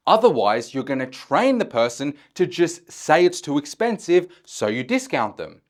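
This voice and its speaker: Lively, animated male coach. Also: fairly high pitch. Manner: acts out sample chat messages in a shy voice; blunt, swears casually. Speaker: OnlyFans chatting coach. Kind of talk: instructional explainer.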